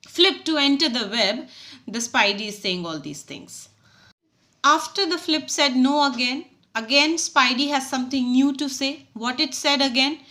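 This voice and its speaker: A woman teacher, explaining a poem to schoolchildren in a halting way with many restarts. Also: high-pitched, bright, forceful tone.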